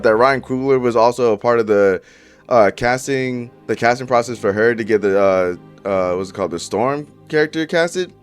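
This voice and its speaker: A young man giving casual, profane commentary straight to his viewers, full of slang. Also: mid-range voice. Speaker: YouTuber reviewing movie casting.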